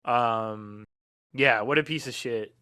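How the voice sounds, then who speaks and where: A man co-hosting a podcast, chatting casually about a film and chiming in eagerly, with halting fillers. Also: mid-range voice, pushed and bright, clear, resonant tone, no echo, studio quality. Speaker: podcast co-host.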